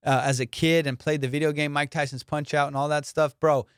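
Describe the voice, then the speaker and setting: A man hosting his comedy podcast in casual chat, telling profane, animated stories and laughing often. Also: a little high, brisk, clean tone, dry recording, clean studio sound.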